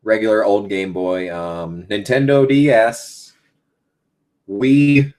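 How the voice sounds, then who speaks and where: A man's voice: on the low side, fairly even intonation, slow pace, darkish tone. A young man in his late teens hosting a casual live Q&A as a gaming YouTuber. He rambles with lots of ums and swears freely.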